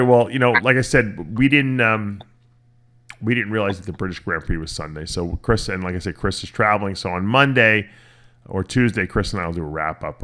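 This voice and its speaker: A middle-aged man hosting a casual podcast chat, telling lively stories, cursing and acting out the voices of people he quotes. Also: sits low. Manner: animated storytelling, swearing, acting out quoted voices. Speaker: podcast host.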